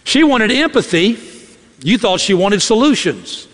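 A man preaching a sermon from the pulpit of a church, animated, and often acting out the voices of the people he quotes. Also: high voice, measured pace, in a large hall. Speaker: pastor. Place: church sanctuary. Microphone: podium or stage mic.

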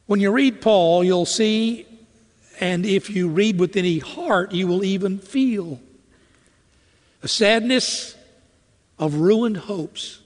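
A man's voice: high-pitched, in a large hall. A man preaching a sermon in an earnest voice that builds to impassioned emphasis, with frequent repetitions.

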